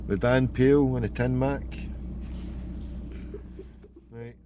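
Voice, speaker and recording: Glaswegian male host, mid pitch, rambling and sweary, prank-call monologue, noisy car background. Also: steady tone, slow. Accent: Glaswegian Scottish. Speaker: prank caller, show host. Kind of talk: casual rambling monologue while phoning.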